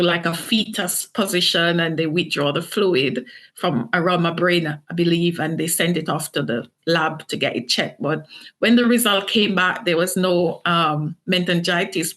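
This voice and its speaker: A middle-aged Jamaican woman, an author appearing as an interview guest, tells her own story earnestly and emotionally, acting out quotes. Her voice is fairly low, a bit bright and at normal speed.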